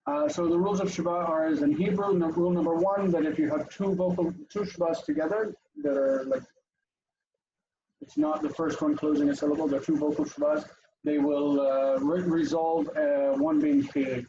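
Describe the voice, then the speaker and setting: Man teaching over a video call, gravelly and mellow, animated rise and fall, dull lo-fi call audio with faint hiss. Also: fairly high pitch, moderate pace. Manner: lively, explains step by step with many fillers. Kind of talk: online class teaching.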